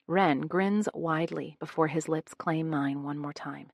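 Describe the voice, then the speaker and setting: A woman's voice: deep voice, unhurried, gravelly, few pauses, dry recording. A woman reading a first-person romance audiobook in an intimate voice. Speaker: audiobook narrator.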